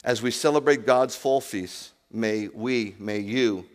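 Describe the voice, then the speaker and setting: A man preaching a sermon as rabbi, animated, swinging from loud exclamations to quiet asides. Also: mid-range voice, slow pace, in a large hall.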